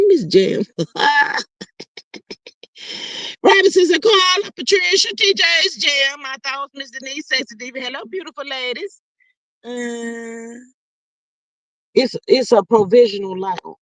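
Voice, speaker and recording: A woman's voice: high-pitched, slow pace, pauses often, dry recording. A woman hosting a casual live stream, reading viewer comments aloud and reacting with sass. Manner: animated, sassy, calls viewers child and honey. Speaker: livestream host reading chat.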